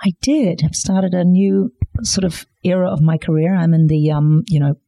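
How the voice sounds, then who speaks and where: A woman's voice: lowish voice, steady tone, moderate pace, vocal fry, dark tone, no room sound. A middle-aged woman guest chatting casually and telling stories with earthy slang on a podcast. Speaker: guest actress.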